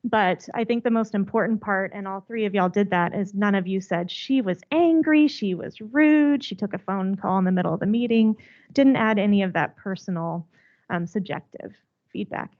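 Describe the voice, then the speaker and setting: A woman's voice: medium pitch, moderate pace, darkish tone, highs cut off. A woman giving a conference presentation into a handheld mic, friendly and chatty, out of breath. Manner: friendly, chatty, laughs often. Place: conference room.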